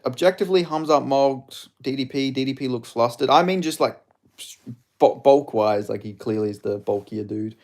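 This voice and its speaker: A man's voice: mid-range voice, normal speed, a little mellow. A man hosting a casual live stream, rambling as he answers chat questions about fighters.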